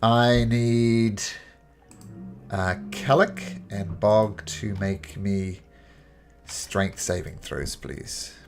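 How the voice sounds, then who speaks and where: A man narrating as game master of a tabletop game, with lively, chuckling narration. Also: fairly low pitch, very slow, gravelly, soft background music.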